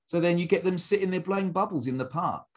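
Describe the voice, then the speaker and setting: A man's voice: high-pitched, fast talker. A man, a martial arts instructor telling stories in a casual podcast chat, acting out quotes in different voices and laughing often. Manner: animated storyteller, acts out quotes in varied voices, laughs often.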